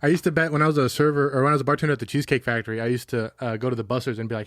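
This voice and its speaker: A man chatting casually on a podcast, telling stories and jokes in a quick, playful way. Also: medium pitch, little pitch movement, fairly bright tone, no room sound, studio quality. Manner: fast-talking, joking storyteller. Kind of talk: casual chat.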